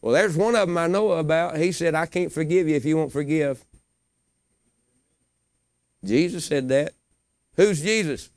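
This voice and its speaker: A man preaching a sermon in a folksy way, swinging from low murmurs to high, loud cries. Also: clear, resonant tone, no room sound. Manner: folksy, colloquial phrasing.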